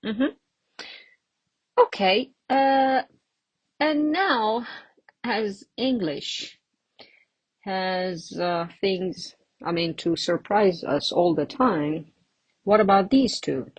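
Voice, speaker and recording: A woman teaching an English pronunciation lesson, slow and patient, explaining with examples and pauses. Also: mid-range voice, breathy edge, dry recording.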